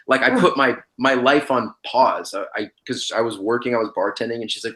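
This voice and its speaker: Young man, casual podcast guest, slangy, rambling, mid-pitched voice. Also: fairly quick, fairly bright tone. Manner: laid-back, slangy, rambling with fillers. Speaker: podcast guest, former reality show contestant.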